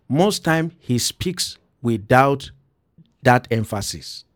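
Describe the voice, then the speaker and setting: A man's voice: mid-range voice, animated, dry recording. Earnest male pastor, dry close sound. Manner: earnest, emphatic, slowing down to stress key words. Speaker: pastor and devotional podcast host. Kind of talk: daily devotional sermon.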